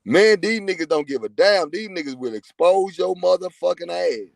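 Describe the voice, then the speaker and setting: A man's voice: sits high, animated, moderate pace, gravelly, no echo. A man from Texas, telling prison stories in a profane, boastful, rambling way. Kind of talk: casual livestream chat.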